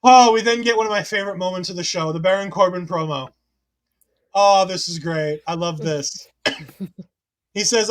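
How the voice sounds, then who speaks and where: A man with a high, light voice hosts a relaxed wrestling recap. He talks in a chatty, rambling way, often restarting his sentences, and reads listener comments aloud to his co-host. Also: moderate pace, pauses often. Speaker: podcast host. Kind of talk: casual wrestling recap chat.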